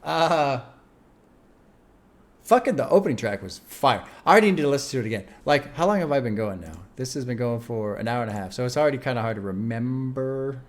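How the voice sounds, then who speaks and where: A man's voice: mid-range voice, lively intonation, fairly quick. A young man casually reacting to a song, chatty and laid-back, laughing often and reading lyrics aloud. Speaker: music reaction streamer.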